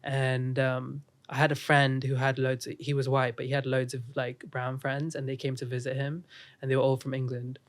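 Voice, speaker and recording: A man's voice: mid-range voice, completely flat delivery, moderate pace. A young man from India, a musician guest speaking candidly and reflectively in a casual podcast interview.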